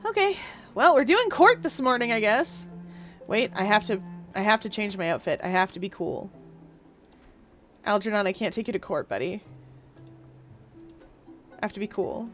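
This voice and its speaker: A woman's voice: mid-range voice, lively intonation, normal speed, pauses often, fairly bright tone, soft background music. A woman streaming a game live, chatting casually in a playful, rambling, self-mocking way. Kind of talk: casual live gameplay commentary.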